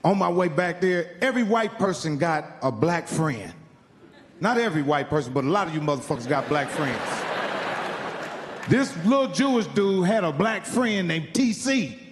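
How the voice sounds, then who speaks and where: A man with a high voice works a comedy stage, telling a profane story and jumping into the voices of everyone in it. A long hall reverb trails his words, and a faint crowd murmur sits underneath. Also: moderate pace, a little hiss or hum. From Indiana. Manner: profane, animated, acts out quoted voices. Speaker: stand-up comedian. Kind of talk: stand-up storytelling.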